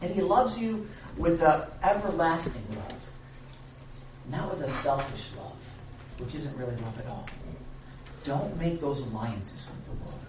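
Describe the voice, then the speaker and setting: A preacher leading an informal Bible study, animated and repetitive with jokey asides. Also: medium pitch, a little slow, pauses often. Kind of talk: informal sermon. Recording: echoey room from far off, faint noise.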